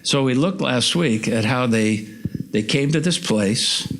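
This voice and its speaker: A man's voice: medium pitch, slow. A man preaching a sermon as pastor, conversational and self-deprecating, asking the congregation questions. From United States. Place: church.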